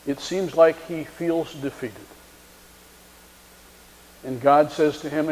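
A man's voice: a little high, steady tone, slow, a little mellow. A man preaching a sermon, retelling a story and acting out the quoted lines in shifting voices. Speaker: pastor. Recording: long reverb of a large hall.

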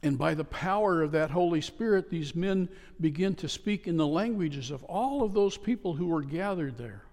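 A man's voice: on the high side, expressive, normal speed, a little mellow. A man preaching a sermon as a pastor, telling stories in an earnest, plain way. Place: church sanctuary. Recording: long reverb of a church hall.

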